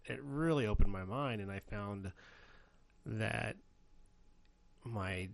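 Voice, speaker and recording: A middle-aged man co-hosting a casual comedy podcast, telling stories that turn loud and high-pitched when he gets animated. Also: slow pace, creaky, dry recording. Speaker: podcast co-host.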